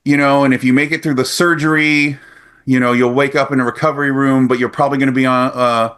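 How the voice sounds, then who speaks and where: A man voicing a gloomy doom-saying male anesthesiologist who mutters low and grim. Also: level tone, quick pace, a bit bright, clear, resonant tone, lightly acted.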